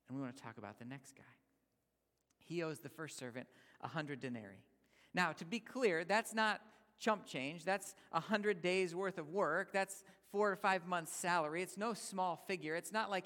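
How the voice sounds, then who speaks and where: A man preaching as a guest speaker, emphatic, swinging between loud points and near-whispers. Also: a little high, moderate pace. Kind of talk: sermon. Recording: long hall reverb.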